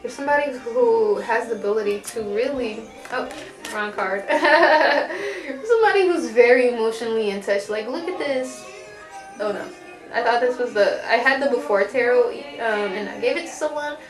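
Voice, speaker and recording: A woman's voice: on the high side, moderate pace, reverberant, over music, rough recording. A woman doing a casual tarot reading at home, chatty and profane, laughing often. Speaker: tarot reader. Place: home with family noise in background.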